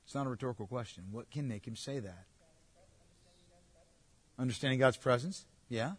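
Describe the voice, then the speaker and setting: Man, preacher, sermon, emphatic, husky, long hall reverb. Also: medium pitch, moderate pace. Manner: emphatic, swings between loud urging and hushed quiet asides.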